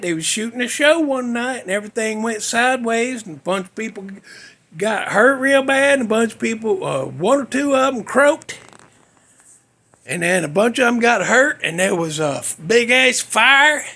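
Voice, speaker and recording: A man's voice: very high-pitched, animated, moderate pace, bright, forceful tone. A male podcast host telling a story in a casual, folksy, rambling way, cussing freely.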